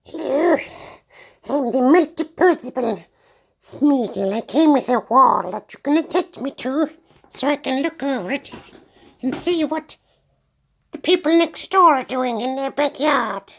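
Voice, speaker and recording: Creepy little cave creature, high gravelly whine, drawls it out slow. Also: male voice, expressive, fairly bright tone, exaggerated voice. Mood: whiny. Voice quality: creaky, gravelly put-on voice. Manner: slow, whiny, childlike complaining. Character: creepy wheedling male cave creature, small and gaunt.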